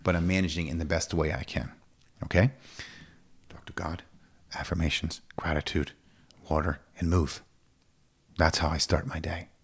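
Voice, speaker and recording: A man's voice: flat delivery, husky. A man in his forties, a fitness coach, talking casually and emphatically in an interview, often repeating himself. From United States. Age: 40s. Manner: emphatic, repetitive, quick swings up to a high pitch.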